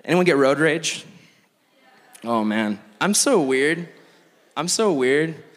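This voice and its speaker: Animated young pastor in a reverberant hall. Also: male voice, a little high, takes it slowly. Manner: animated, self-mocking, full of "like". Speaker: youth pastor. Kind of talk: storytelling sermon. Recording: long reverb of a large hall.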